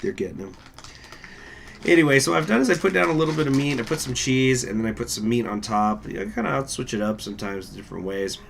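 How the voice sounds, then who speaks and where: A man's voice: mid-range voice, animated, quick pace, creaky, hardly any pauses, a little hiss or hum. A man hosting a gaming channel, chatting casually and rambling to his viewers in an offhand, profane way. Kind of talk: casual chat to live viewers.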